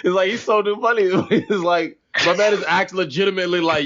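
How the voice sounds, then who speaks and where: A man's voice: high-pitched, brisk, muffled recording. A man co-hosting a podcast in casual chat, joking and acting out quotes. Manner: animated, joking, acts out quotes. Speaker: podcast co-host.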